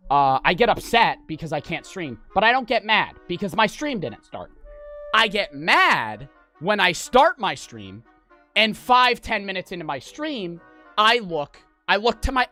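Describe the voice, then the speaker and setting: A male live streamer telling a story to his chat in a casual rant. He is animated and profane, acts out both sides of phone calls, and swings between loud outbursts and muttering. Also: on the high side. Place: home streaming setup.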